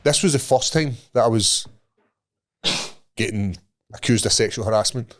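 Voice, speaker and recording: A man's voice: medium pitch, moderate pace. A Scottish man co-hosting a podcast, telling a sweary, laughing anecdote and putting on the voices of the people in it. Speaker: podcast co-host. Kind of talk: casual storytelling.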